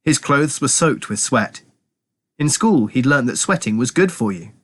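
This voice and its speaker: A man, a teacher, reading a novel aloud to children in steady, clear storytelling narration. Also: medium pitch, moderate pace. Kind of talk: audiobook read-aloud narration.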